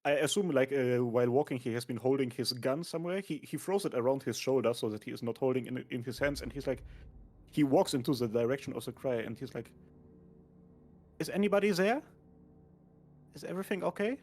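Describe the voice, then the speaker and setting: A man's voice: medium pitch, quick pace, a little mellow. A man taking part as a player in a tabletop game, thinking aloud and hesitating as he decides what his character does.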